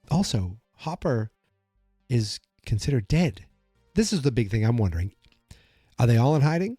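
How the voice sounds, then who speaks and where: A man hosting a solo fan podcast, speculating in an excitable, rambling way. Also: medium pitch, moderate pace, breathy edge, no echo, clean studio sound, soft background music. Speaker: podcast host. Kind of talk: casual solo podcast commentary.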